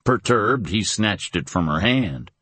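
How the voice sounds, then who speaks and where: A man with a very low voice reads a suspense audiobook in a measured, dramatic way. The recording is close and completely dry. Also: expressive, a bit bright, dry recording. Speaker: audiobook narrator. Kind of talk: scripted narration.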